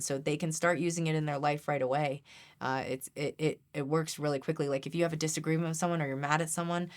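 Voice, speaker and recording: A woman guest on an interview, talking about energy healing in an earnest, emphatic, persuading way. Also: deep voice. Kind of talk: conversational interview.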